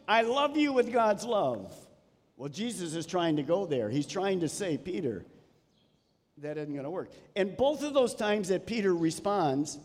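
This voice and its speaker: Male pastor, mid-high voice, preaching with animated swells and quiet drops; reverberant sanctuary sound. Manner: animated preaching, dropping to soft emphasis. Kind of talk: sermon. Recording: long reverb of a church hall.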